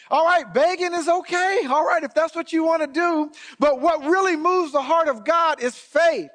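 A man preaching a sermon, reading scripture slowly and calling on the congregation to respond. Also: extremely high pitch, fairly bright tone. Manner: reads scripture slowly and emphatically. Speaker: pastor.

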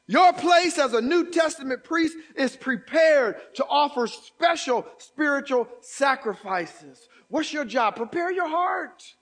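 A man preaching a sermon as pastor, building from quoted scripture to shouted exhortations and repeated phrases. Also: very high-pitched, lively intonation, measured pace, few pauses.

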